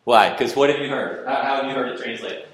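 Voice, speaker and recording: A man preaching and teaching a Bible verse, lively and conversational, acting out little scenes and questioning his listeners. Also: mid-range voice, fast, slight background noise. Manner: animated, acts out little scenes, asks the room questions. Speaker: pastor. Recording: roomy echo.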